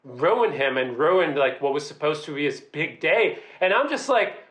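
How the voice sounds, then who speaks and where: A young man telling a story in casual chat, animated, laughing and acting out quotes. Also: a little high, moderate pace, reverberant.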